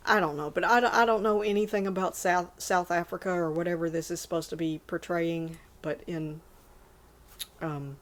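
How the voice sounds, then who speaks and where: A woman in her forties casually rambling about favorite movies, full of fillers and self-corrections. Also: lowish voice. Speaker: movie list vlogger.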